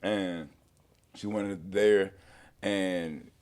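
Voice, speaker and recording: A young man from Houston, telling a story in a casual, animated way. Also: sits low, drawn-out words, clear, resonant tone. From Houston, Texas. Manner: animated, laughing storyteller acting out voices. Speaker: guest.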